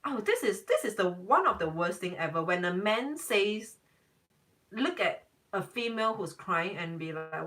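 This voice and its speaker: Bright-voiced woman, emphatic casual chat. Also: on the low side, lively intonation, normal speed, recorded from a distance, rough recording. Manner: emphatic, repeats herself. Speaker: tarot reader. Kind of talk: casual live-stream chat.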